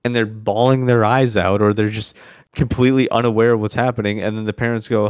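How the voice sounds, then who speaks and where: A man's voice: lowish voice, steady tone, fairly quick, smooth, dry recording, studio quality. A man co-hosting a podcast, ranting in casual chat in an exasperated way. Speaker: podcast co-host.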